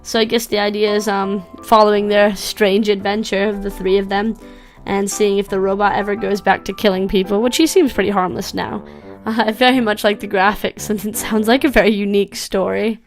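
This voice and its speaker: A woman hosting a gameplay video, talking casually with fillers as she reads. Her mid-pitched voice sounds relaxed and chatty, with faint game music underneath. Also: fairly quick. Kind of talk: casual gameplay commentary and reading aloud.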